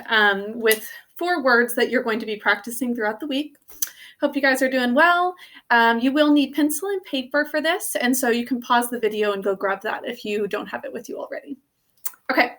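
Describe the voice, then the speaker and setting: A woman's voice: sits high, pushed and bright. A young woman, a teacher recording a spelling lesson for her students, patiently sounding out phonograms step by step.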